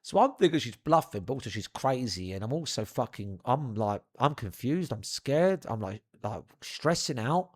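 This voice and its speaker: A young man telling a funny childhood anecdote in an animated, profane, theatrical way. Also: mid-range voice, moderate pace, hardly any pauses. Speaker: storyteller. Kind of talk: comedic anecdote.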